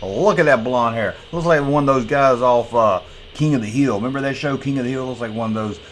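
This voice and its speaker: A man in his fifties hosting a casual toy review, talking with joking, wry asides and drawn-out emphasis. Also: medium pitch, a little hiss or hum. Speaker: toy collector host.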